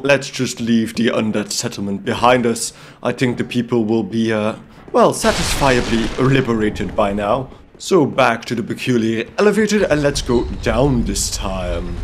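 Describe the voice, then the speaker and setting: A man's voice: mid-range voice, a little hiss or hum. A man from Belgium doing in-character gameplay commentary, theatrical and playfully gallant, with comic outbursts. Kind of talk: in-character let's-play commentary.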